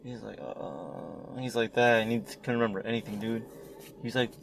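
A man's voice: fairly low pitch, moderate pace, creaky, noisy background. A young man in casual chat, telling a story with lots of swearing, acting out quotes and laughing often.

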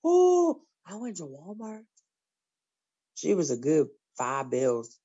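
A woman telling stories in casual group chat, blunt and profane, with lively bursts. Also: low voice, takes it slowly, husky. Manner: blunt, profane, animated storyteller. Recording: slightly dull lo-fi sound.

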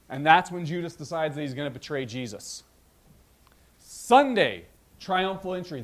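A man preaching as pastor, retelling the story in a lively, storytelling way with voiced asides. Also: high voice. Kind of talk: sermon.

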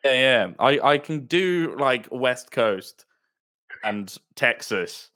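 A man's voice: mid-range voice, expressive, slow pace, pushed and bright. A man chatting casually as a guest on a podcast, talking in a laid-back way full of "like" and "um". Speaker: guest, tabletop role-play player. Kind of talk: casual chat.

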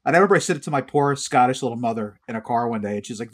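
A man's voice: mid-range voice, lively intonation, rapid-fire, few pauses. A man co-hosting a podcast in casual chat, telling stories and teasing his friends. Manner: joking storyteller, teasing. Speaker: podcast co-host.

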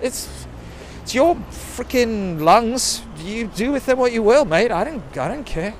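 Lively rambling man. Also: very high-pitched, measured pace, a little hiss or hum. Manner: sweary, self-mocking, digressive, with quoted put-on voices. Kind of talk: rambling personal monologue.

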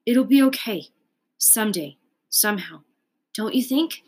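Woman voicing a young boy, earnest, tenderhearted, sincere, storybook read-aloud, a bit higher pitched. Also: animated, measured pace, darkish tone, slightly rough. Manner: earnest, heartfelt.

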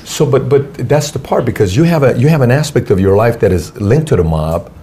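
A man hosting an interview, asking questions in a halting, restarting way. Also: medium pitch, animated, warm tone, a little hiss or hum. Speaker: podcast host.

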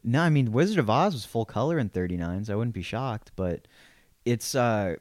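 A young man co-hosting a casual film podcast, with a very animated, up-and-down pitch. He rambles in a laid-back way, swearing and filling pauses with "like." The recording is close and dry. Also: dry recording. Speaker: podcast co-host.

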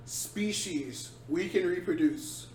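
A man's voice: high-pitched, slow pace. A man co-hosting a casual podcast, a biology student with playful, teasing replies. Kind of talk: casual chat. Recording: echoey room, faint noise.

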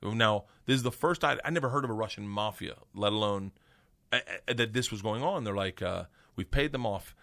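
A middle-aged man, a comedian guest, telling a long comic story in a loud, animated, profane way. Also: lowish voice, fairly quick, creaky.

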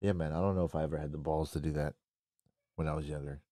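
A man's voice: extremely low pitch, steady tone, fast talker, dark tone, no room sound, clean studio sound. A man co-hosting a podcast, reacting in a laid-back casual chat.

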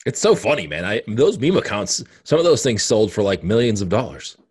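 A man hosting a podcast interview, eagerly chiming in with quick questions and reactions. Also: on the low side, big pitch swings, darkish tone, breathy edge. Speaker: podcast host. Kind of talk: casual interview chat.

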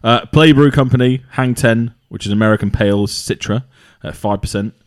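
A man's voice: medium pitch, normal speed, no room sound, studio quality. A man co-hosting a podcast who chats casually, jokes and stumbles over words. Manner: easygoing, joking, stumbles on words. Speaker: podcast co-host. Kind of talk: casual chat.

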